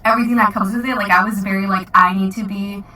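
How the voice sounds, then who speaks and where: Bright, chatty young woman vlogger. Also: mid-range voice, fairly even intonation, quick pace, distant mic, poor audio. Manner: chatty, many "like" fillers, giggly. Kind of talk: casual storytime chat.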